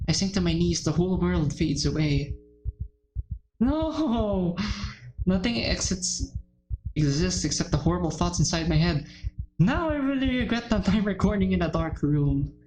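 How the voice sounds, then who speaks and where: Reading a visual novel aloud for a let's play, a woman with a fairly low voice speaks at a moderate pace with lively intonation. Between passages she erupts in emotional gasps and shocked swearing, and the recording is rough.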